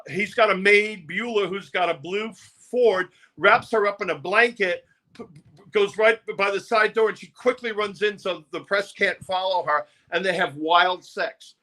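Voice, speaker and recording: A man from New York, an interview guest telling lively, profane stories and acting out the people in them. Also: high-pitched, moderate pace. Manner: animated, profane, acts out voices. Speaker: interview guest, music producer. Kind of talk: casual storytelling interview.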